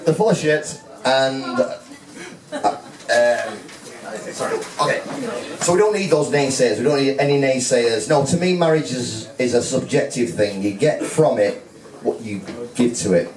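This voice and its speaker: At a wedding reception full of guests, the groom gives a humorous speech poking fun at himself, speaking at normal speed in a mid-range voice. The recording is echoey and distant, with the crowd audible.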